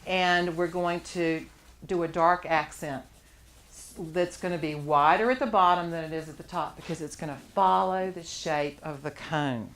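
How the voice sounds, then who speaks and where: Her voice lowish and a bit bright, this art teacher talks at normal speed while teaching a live charcoal drawing class. She laughs frequently and keeps encouraging her students as she draws.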